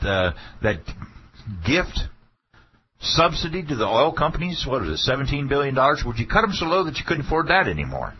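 A man's voice: mid-range voice, slightly rough. A man hosting a political talk radio show, delivering a folksy, sarcastic monologue. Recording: dull lo-fi radio broadcast.

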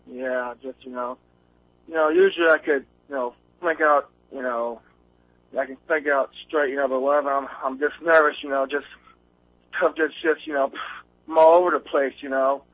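A man's voice: medium pitch, steady tone, moderate pace. A man calling in to a radio show from outdoors on a windy day, nervous and rambling, with many fillers and restarts. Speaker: caller. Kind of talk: nervous call-in chat. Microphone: phone line. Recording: tinny phone line.

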